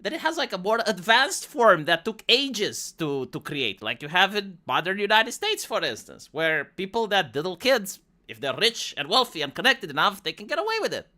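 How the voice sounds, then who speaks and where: This is a man from Eastern Europe hosting a live stream and chatting casually with a guest. His voice is bright and a touch high, and his pitch swings widely. He talks in an animated, mocking way. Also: normal speed, few pauses. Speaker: stream host.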